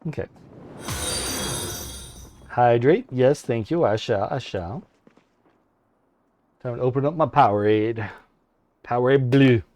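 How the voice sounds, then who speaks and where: A man casually commenting while playing a survival game, chatting with friends and often breaking into laughter and high excited yelps. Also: slow, pauses often. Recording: faint game music behind.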